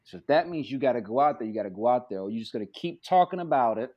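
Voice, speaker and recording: A man, an actor guest on a podcast, telling stories in an animated, casual way with plenty of cursing and acted-out quotes. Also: mid-range voice, very fast, lo-fi sound. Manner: animated, profane, acts out quotes. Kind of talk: casual storytelling.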